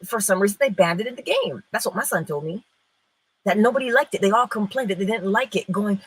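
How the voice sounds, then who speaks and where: A middle-aged woman giving an inspirational spiritual talk, expressive, moving between loud and hushed phrases. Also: mid-range voice, fast talker, husky, poor audio. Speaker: spiritual teacher.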